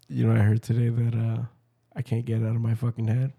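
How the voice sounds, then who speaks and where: A man's voice: mid-range voice, completely flat delivery, a little fast, vocal fry, dark tone, slightly rough. A man in casual crude banter, swearing freely and laughing between mocking impressions.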